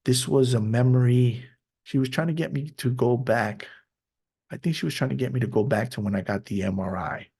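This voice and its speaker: A man hosting a podcast, speaking openly and reflectively in a personal monologue, sometimes halting and restarting his sentences. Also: medium pitch, a little mellow, husky. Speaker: podcast host.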